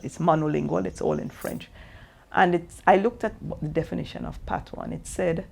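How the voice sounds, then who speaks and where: Husky, gravelly author; reflective interview talk. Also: medium pitch, darkish tone. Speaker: author and researcher.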